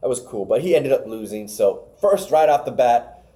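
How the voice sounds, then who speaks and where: Mellow-voiced man recapping wrestling. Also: mid-range voice, lively intonation, normal speed. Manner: rambling, stumbles over names. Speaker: podcast co-host. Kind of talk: casual wrestling show recap.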